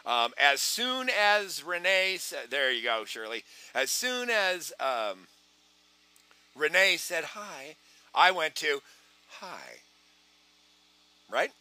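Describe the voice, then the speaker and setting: A high, lively man's voice with a very bright, forceful edge, recorded close and dry. He teaches in an animated way, acting out phone calls between himself and prospects. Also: takes it slowly, smooth, no echo. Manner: animated, acts out both sides of phone calls. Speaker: sales trainer. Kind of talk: online training talk with acted phone calls.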